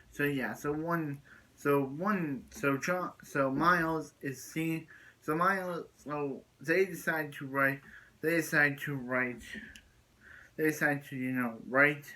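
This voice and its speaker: Bright-voiced man rambling through a recap. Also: mid-range voice, rough recording. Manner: rambling, repeats and restarts phrases. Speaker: video reviewer. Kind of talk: casual episode recap.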